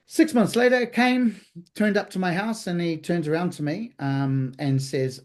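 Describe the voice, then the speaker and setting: A man's voice: high voice, measured pace, a little mellow. New Zealand man telling candid stories. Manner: candid, profane, vivid anecdotal storytelling. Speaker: podcast guest, chef. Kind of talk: casual storytelling interview.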